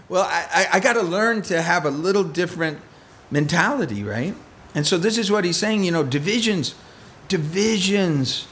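A man's voice: sits high, fairly bright tone, slight background noise. A middle-aged man preaching a conversational sermon as pastor, telling stories with self-deprecating humor.

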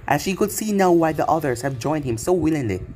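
A man narrating a fan fiction story in a plain, even reading voice. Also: on the high side, fairly quick, slight background noise.

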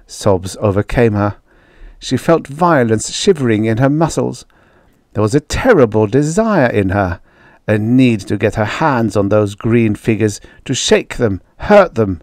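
Slow, measured male audiobook narrator. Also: lowish voice, expressive, darkish tone, no room sound, studio quality. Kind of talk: scripted narration.

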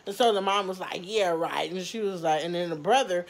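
A woman vlogger telling a story to her viewers, animated and laughing as she talks. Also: lowish voice, fast talker, slight background noise. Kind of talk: storytime vlog.

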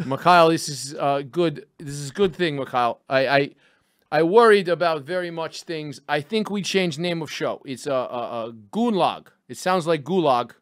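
A man's voice: high-pitched, very animated, takes it slowly, hardly any pauses, no echo, voice pushed up, heavily acted. A man playing a brash, crude Russian podcast host in a put-on Russian accent with broken English and dropped articles. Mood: hammy greeting. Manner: loud and hammy, dropping articles.

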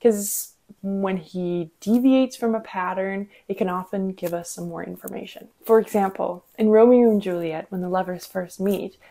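A young woman in her twenties talks through acting craft on her podcast, her voice carrying a gravelly fry at the ends of phrases. She explains things in a chatty, instructional way, with casual fillers. Her pitch sits right in the middle for a woman. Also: moderate pace, mellow. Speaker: podcast host and acting coach.

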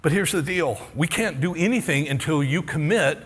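A man's voice: a little high, lively intonation, moderate pace, fairly bright tone, slightly rough. A middle-aged male pastor preaching a sermon, telling a personal story and earnestly pleading with his congregation. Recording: long reverb of a large hall.

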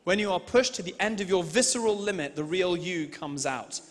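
A man delivers a sermon in a big church hall, his somewhat high voice ringing with long reverb. He swings from forceful emphasis down to hushed, drawn-out phrases as he reads and preaches. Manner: dramatic, swings between loud emphasis and hushed slow delivery. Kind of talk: sermon with scripture reading.

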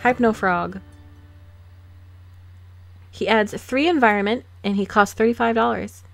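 A woman hosting a game let's play, chatting casually with quick laughs and sarcastic asides, recorded on a desk microphone at home. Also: fairly high pitch, creaky, no echo, faint music behind. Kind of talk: casual gameplay commentary.

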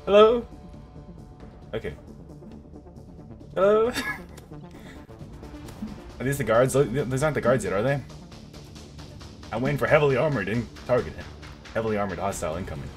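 A man hosting a casual gameplay video, jokey and excitable, yelping and laughing through his commentary. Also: mid-range voice, moderate pace, pauses often, soft background music. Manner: excitable, jokey, yelps and laughs at close calls. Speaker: gaming video host.

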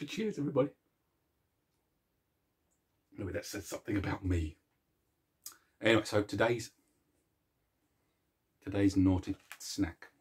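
A man's voice: on the low side, darkish tone, breathy edge. A man hosting a casual video chat, joking and mocking himself while eating chocolate. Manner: jokey and self-mocking, chuckles at his own puns; eats chocolate while chatting. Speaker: host.

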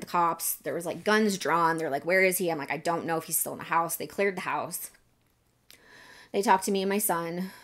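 A woman hosting a podcast, telling a personal story in a casual, candid way with lots of fillers and some swearing. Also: medium pitch. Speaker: podcast host.

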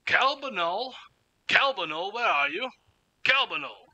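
A man voicing a proud gnome market owner, with a put-on dwarf accent and slow, drawn-out speech. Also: sits high, animated, pushed and bright, pitched above the performer's own voice, exaggerated voice, poor audio. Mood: calling out.

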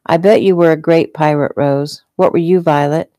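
Casting: gentle hurt man, soft and tender with kids, low mellow voice, read by a woman. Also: steady tone, normal speed, dry recording, studio quality, lightly acted. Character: injured gentle man, tender with little girls.

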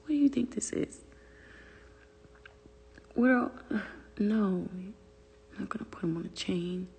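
A woman's voice: medium pitch, unhurried, creaky, warm tone, breathy edge, long reverb tail. A young woman venting on a phone livestream, profane and exasperated, answering viewer comments aloud. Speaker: livestream host. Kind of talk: casual livestream rant.

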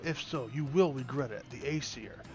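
A man's voice: medium pitch, moderate pace, highs cut off, lightly acted. A man voicing a proud male hunter god who speaks sternly and demands things in a raised voice. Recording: music playing behind.

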